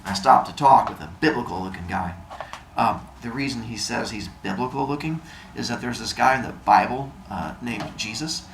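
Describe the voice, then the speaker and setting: A man of middle pitch reads a novel chapter aloud and breaks off now and then to explain things casually. The room sounds roomy, and a faint noise runs underneath. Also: moderate pace, gravelly. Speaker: reader and host.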